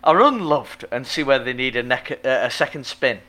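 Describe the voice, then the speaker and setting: A man's voice: mid-range voice, expressive, fairly quick, sharp tone. A man co-hosting a casual chat, chiming in with enthusiastic, playful interjections. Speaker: podcast co-host.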